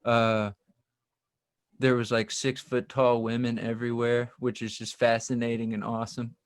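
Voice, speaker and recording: A man's voice: mid-range voice, little pitch movement, normal speed, clean tone. Rambling country musician man. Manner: rambling, self-deprecating, laughs often. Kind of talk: casual interview storytelling.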